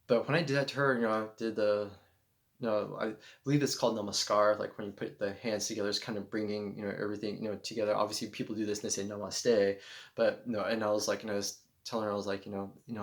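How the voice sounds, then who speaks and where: Speaking into a handheld camera's mic, a man vlogs casually about spiritual matters, rambling earnestly with constant "you know" fillers. He talks fast in a lowish voice with a flat delivery.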